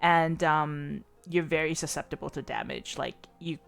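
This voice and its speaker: A woman's voice: low voice, normal speed, creaky, faint music behind. A woman streamer chatting casually, giggling often as she talks. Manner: giggly, animated, laughs often. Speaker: streamer host.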